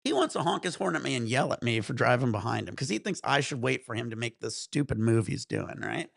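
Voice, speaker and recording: Gravelly man ranting on a stream. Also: mid-range voice, fast, no room sound, clean studio sound. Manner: profane, animated ranting. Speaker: livestream host. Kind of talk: casual storytelling to stream chat.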